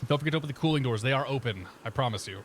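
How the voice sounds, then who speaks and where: Here a man speaks rapid-fire at a medium pitch, with slight background noise. He has a vaguely Midwestern accent with touches of Boston and casually chats through a flight sim stream, repeating clearances the way a pilot would on the radio.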